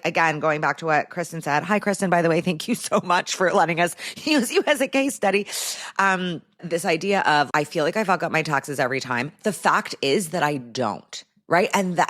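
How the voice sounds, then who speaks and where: Woman, low voice, podcast host, casual candid chat, frequent "like" fillers, close microphone. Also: fairly bright tone. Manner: chatty and candid, heavy use of "like".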